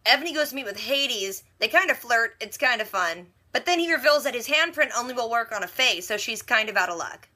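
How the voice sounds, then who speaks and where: Bright, chatty young woman recapping a show. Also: a little high. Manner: paraphrases characters with quick quoted asides. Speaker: reaction video host. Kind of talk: casual episode recap.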